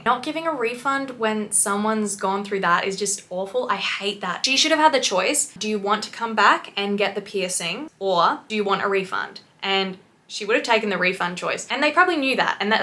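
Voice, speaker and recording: Bright-voiced woman piercer giving blunt commentary. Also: medium pitch. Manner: blunt, swears freely, explains patiently. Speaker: piercer reacting to clips. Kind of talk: casual commentary.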